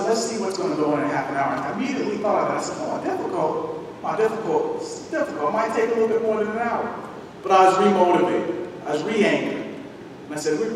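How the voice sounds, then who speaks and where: Animated man telling a story in an echoey hall. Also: fairly high pitch. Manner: animated, acts out voices in his story. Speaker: guest speaker. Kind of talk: storytelling lecture. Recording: echoey hall recording from far off, noisy.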